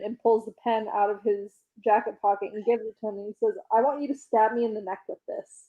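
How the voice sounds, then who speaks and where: A woman's voice: fairly high pitch, fairly even intonation. Chatty woman retelling a comic, lo-fi audio. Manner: retells scenes by quoting characters in quick voices, laughs often. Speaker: podcast co-host recapping a comic. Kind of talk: casual chat.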